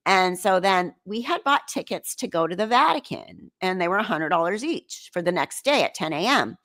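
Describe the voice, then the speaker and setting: A woman hosting her own live stream, telling a travel story in a chatty, animated way and acting out quotes. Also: lowish voice. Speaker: channel host.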